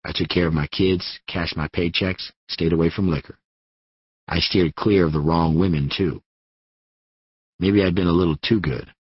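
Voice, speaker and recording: Very deep, husky male audiobook narrator. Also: fairly even intonation, normal speed, dry recording. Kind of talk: first-person scripted narration of a crime novel. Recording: slightly dull, dry studio audiobook recording.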